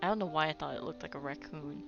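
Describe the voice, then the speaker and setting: A woman with a low, gravelly voice talks at a quick pace while playing a video game. She voices the on-screen text and tosses in playful asides, with game music in a dull-sounding recording.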